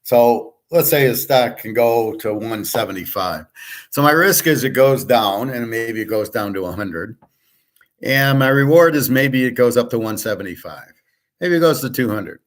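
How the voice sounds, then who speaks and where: A man's voice: mid-range voice, animated, moderate pace. A man hosting a casual solo monologue on markets and poker, blunt and profane, rambling with frequent restarts and sarcastic asides. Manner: opinionated, sarcastic. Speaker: host giving market and poker tips.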